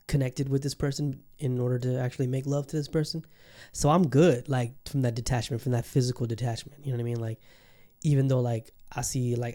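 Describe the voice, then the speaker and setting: Dude ranting on his podcast, mellow voice, swears a lot, lots of you know. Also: mid-range voice. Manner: loose and profane, many fillers and restarts. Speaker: podcast host. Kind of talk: casual solo podcast monologue.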